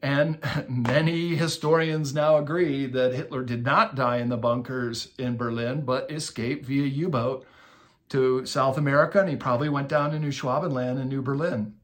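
A man speaking as a podcast guest, his voice sitting at an everyday middle pitch. He tells a long tale in a spirited way and leans hard on key words. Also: moderate pace. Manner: animated storyteller, acts out quotes with bursts of emphasis. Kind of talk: storytelling interview talk.

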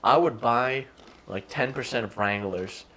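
A man's voice: mid-range voice, unhurried, sharp tone, slight background noise. A man co-hosting a podcast while drunk, rambling casually with plenty of swearing. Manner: rambling and profane. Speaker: podcast co-host. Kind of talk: casual chat.

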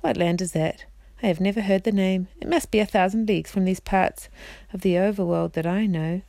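A woman's voice: mid-range voice, fairly even intonation, brisk, gravelly, mellow, dry recording, clean studio sound, natural voice. A woman voicing a proud young man knight in a storybook read-aloud, speaking in formal archaic phrases. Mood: courtly.

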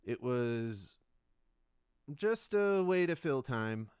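Rambling man with a crisp, dry voice. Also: medium pitch, big pitch swings, drawn-out words, a little mellow, no echo. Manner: rambling, self-mocking, many restarts. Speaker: comedian, podcast host. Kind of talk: solo rambling podcast monologue.

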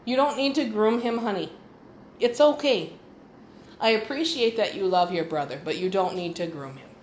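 A woman's voice: on the low side, slight background noise. A woman hosting a podcast, telling rambling stories in a blunt, casual way and swearing freely. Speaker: podcast host. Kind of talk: casual storytelling monologue. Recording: echoey room with faint ambience.

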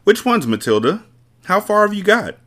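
A man voicing a kind young female schoolteacher who asks gentle, encouraging questions in a raised voice. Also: high-pitched, big pitch swings, normal speed, voice pushed up, exaggerated voice. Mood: coaxing.

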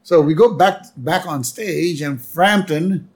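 A man's voice: fairly high pitch, takes it slowly. A man casually narrating a cartoon episode as a podcast co-host, acting out short quotes. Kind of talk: casual episode recap chat.

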